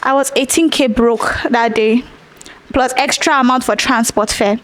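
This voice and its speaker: A woman's voice: a little high, fairly even intonation, moderate pace. A young Nigerian woman hosting a podcast, animatedly retelling a story with acted-out quotes. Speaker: podcast host. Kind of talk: casual storytelling monologue.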